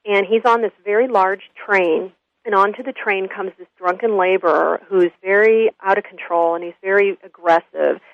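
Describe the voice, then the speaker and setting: A woman guest telling a story in an earnest, animated interview. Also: mid-range voice, moderate pace, no room sound. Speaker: guest, school consultant. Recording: dull lo-fi radio audio.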